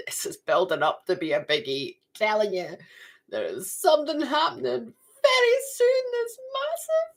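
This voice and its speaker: A woman's voice: fairly high pitch, sing-song, unhurried. Chatty woman giving a card reading. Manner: chatty, repeats "okay?" and "right?" often. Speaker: spiritual card reader. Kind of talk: casual spiritual card reading.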